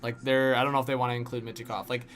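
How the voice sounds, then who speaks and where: Chatty young man with bright voice. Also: mid-range voice, flat delivery, rapid-fire. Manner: rambling, filler-heavy, frequent "like". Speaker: hockey livestream host. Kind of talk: casual live stream commentary, reading chat.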